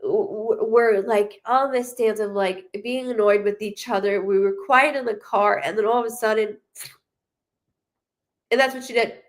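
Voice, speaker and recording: A woman giving a psychic reading on a live stream. She talks in a halting, rambling way, with many restarts, and she is emotional and blunt, swearing freely. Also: mid-range voice, steady tone. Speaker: psychic medium.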